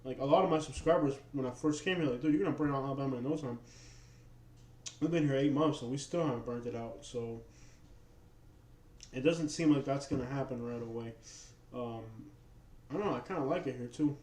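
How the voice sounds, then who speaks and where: A man's voice: medium pitch, fairly quick. Rambling man with New York-tinged speech. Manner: rambling, relaxed, many fillers and restarts, talks to viewers. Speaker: livestream host. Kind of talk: casual livestream chat. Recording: roomy echo.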